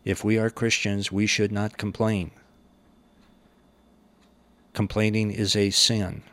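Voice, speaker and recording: A man's voice: fairly low pitch, flat delivery, takes it slowly, a bit bright. A man teaching the Bible verse by verse, reading scripture aloud and then commenting on it plainly.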